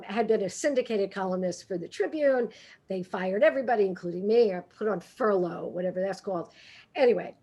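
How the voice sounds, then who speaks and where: A woman in her sixties from Brooklyn, giving a funny talk full of stories and brash, quick comebacks. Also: on the high side, a little mellow, husky. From Brooklyn, New York. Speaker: guest speaker. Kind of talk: humorous storytelling talk.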